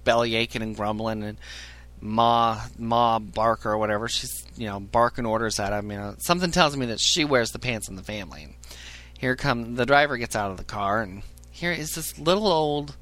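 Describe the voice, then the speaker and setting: A man spins a crude, funny story with a bright, forceful voice. He talks in an animated, profane way and keeps laughing at his own jokes as he goes. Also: mid-range voice, moderate pace. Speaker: podcast storyteller.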